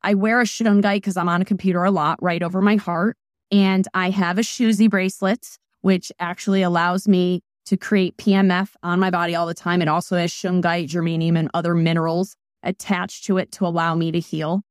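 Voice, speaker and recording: Animated woman with a dry, close sound. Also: lowish voice, brisk, dry recording. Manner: emphatic and animated, jumping between asides. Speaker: guest, wellness practitioner. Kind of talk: casual interview talk.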